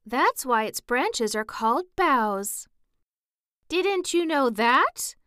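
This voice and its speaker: A woman puts on high, shrill little daisies in a storybook, loud and cheeky as they chime in. Their voices leap up well above her own. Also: very animated, slow pace, smooth, no echo, studio quality, exaggerated voice. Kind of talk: storybook character reading.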